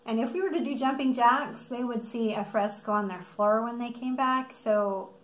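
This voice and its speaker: A woman's voice: fairly high pitch, normal speed. A middle-aged woman from the United States spins a casual vlog story with plenty of animation and laughter. She acts out what everyone said as she goes. Her voice rings a little in an echoey room. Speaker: vlogger.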